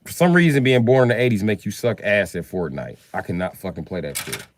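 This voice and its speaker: Deep voiced guy in his 40s on a livestream, cussing and joking around, voice swings up and down a lot. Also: lively intonation, brisk, a little hiss or hum. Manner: profane, slangy, joking banter. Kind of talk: casual livestream chat answering viewers.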